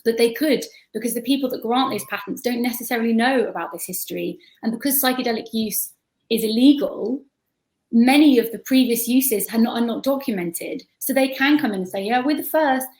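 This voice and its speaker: A woman's voice: on the high side, brisk, a little mellow, rough recording. A woman on a video-call panel, talking at length in a thoughtful, chatty way and often restarting her words.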